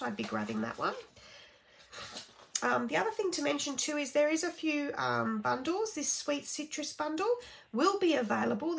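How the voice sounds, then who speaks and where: A woman's voice: a little high, gravelly, slight background noise. A woman casually walking through a craft catalogue sale as a demonstrator, chatty and full of ums while she flips pages. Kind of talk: casual product sale walkthrough.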